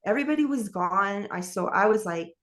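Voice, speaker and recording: A woman's voice: mid-range voice, expressive, brisk, a bit bright. A middle-aged woman from New York, candidly telling her life story as an interview guest in a rambling way with frequent laughs. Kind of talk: personal testimony in an interview.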